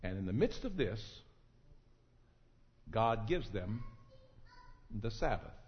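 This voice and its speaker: Fiery preacher in an echoing church. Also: male voice, very animated, slow. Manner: preaching, swings from low murmurs to shouted climaxes, calls on congregants by name. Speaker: pastor. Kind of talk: sermon. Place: church sanctuary. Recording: dull echoing church recording.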